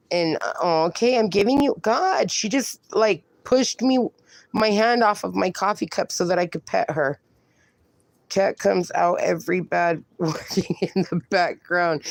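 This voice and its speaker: A woman's voice: on the low side, no room sound. A middle-aged woman hosting a casual livestream, reading viewer comments aloud and baby-talking to her dogs. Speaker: livestream host.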